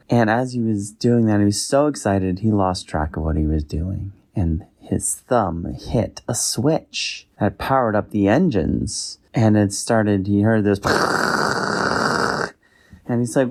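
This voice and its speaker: A father telling his son an improvised bedtime story in a gentle, rambling way. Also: fairly low pitch, moderate pace.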